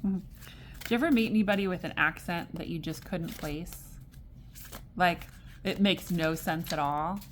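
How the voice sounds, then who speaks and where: A woman's voice: lowish voice, normal speed, long pauses, a little hiss or hum. A woman giving a casual tarot reading to camera, chatty and digressive, exasperated yet amused. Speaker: tarot reader.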